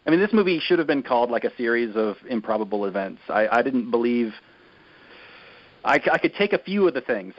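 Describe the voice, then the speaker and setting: A man co-hosting a podcast in casual chat, rambling and critical with lots of fillers. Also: mid-range voice. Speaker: podcast co-host. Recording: dull lo-fi podcast audio.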